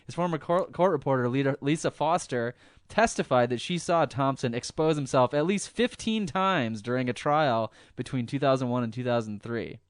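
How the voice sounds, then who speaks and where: A man's voice: mid-range voice, moderate pace, clear, resonant tone, no echo. A man hosting a podcast, reading news stories offhandedly with lots of uh's and chuckles into a close mic. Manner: reads news offhandedly with many ums and chuckles. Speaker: podcast host.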